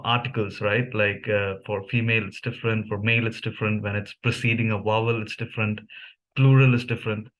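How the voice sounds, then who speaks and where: A man's voice: on the low side, fairly bright tone. A young man from India with an Indian English accent, whose first language is Malayalam, musing casually with many fillers and restarts. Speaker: language vlogger. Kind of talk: casual commentary reviewing memes.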